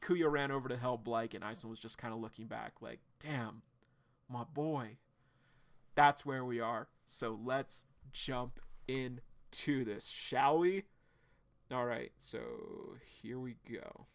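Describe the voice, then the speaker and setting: A man streaming his live reaction to a webcomic, talking at a middling pitch. He rambles with plenty of ums and likes, then breaks into excited outbursts. The delivery is loose, casual chat. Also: unhurried, gravelly.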